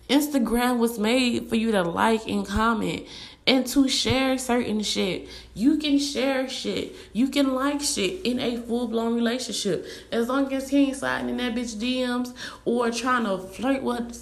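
A woman's voice: on the high side, creaky. A young woman, ranting bluntly and animatedly in a casual monologue to camera. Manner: animated, blunt, fast-talking with quoted asides.

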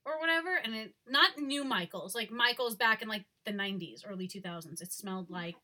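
Young woman, podcast co-host, casual chat, very bright tone, rambling storyteller. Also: medium pitch, a little fast. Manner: chatty, laughs easily, rambling storyteller.

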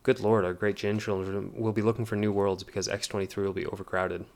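A self-assured father traveling through space, read by a man in a deep, even voice. He speaks briskly and brushes aside doubts in a storybook reading. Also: vocal fry. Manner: assured, dismissive.

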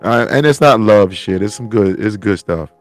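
A man's voice: fairly low pitch, lively intonation, moderate pace, soft background music. A man hosting a solo podcast, thinking aloud in a rambling, profane, heartfelt way. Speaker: podcast host. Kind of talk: solo reflective monologue.

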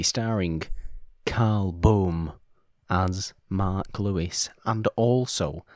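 A man's voice: low voice, no echo, studio quality. A man co-hosting a film podcast, chatting casually in a wry, playful way. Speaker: podcast co-host.

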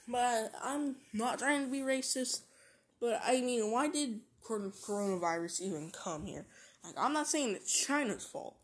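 A woman vlogging in a casual rant, swearing constantly and repeating herself. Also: medium pitch.

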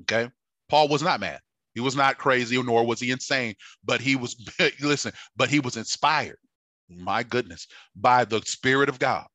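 A man preaching a sermon, halting with fillers and restarts, building to fervent emphasis. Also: medium pitch, pushed and bright, no room sound.

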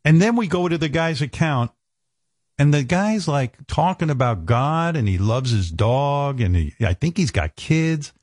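A middle-aged radio host talking candidly, blunt and profane, self-deprecating. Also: male voice, mid-range voice, expressive, normal speed, a little mellow, slightly rough, no echo, clean studio sound. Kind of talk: candid on-air talk.

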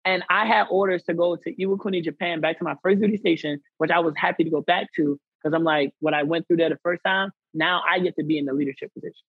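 A man's voice: a little high, fast, vocal fry, hardly any pauses, breathy edge, no room sound, phone-quality sound. A man guest on a podcast telling a personal story in casual slang, acting out what others said. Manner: animated, acts out quoted people; conversational American slang.

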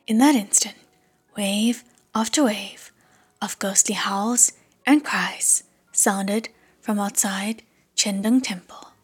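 A woman reading an audiobook in a hushed, measured whisper. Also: mid-range voice, fairly even intonation, breathy edge, soft background music. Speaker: audiobook narrator.

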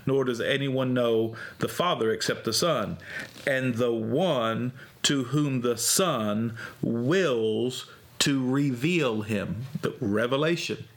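Man, preacher, sermon, conversational, emphatic repetition, mid-pitched voice. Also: slow. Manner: emphatic, repeats key phrases with rising intensity; conversational with restarts and fillers.

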